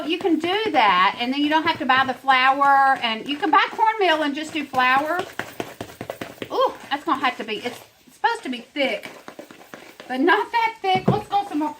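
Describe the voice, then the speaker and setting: High-pitched woman rambling on while she cooks in her kitchen, faint noise in the back. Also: pushed and bright, rough recording. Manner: chatty and rambling, talks straight to viewers. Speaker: home cooking vlogger. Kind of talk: casual cooking demonstration. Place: home kitchen.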